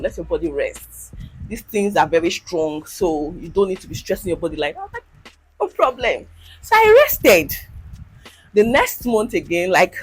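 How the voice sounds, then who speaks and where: A woman in her thirties, a content creator, telling her own story with candid emotion, sighs and laughs. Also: husky. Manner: animated, acts out quoted voices with big pitch jumps. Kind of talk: personal storytelling vlog.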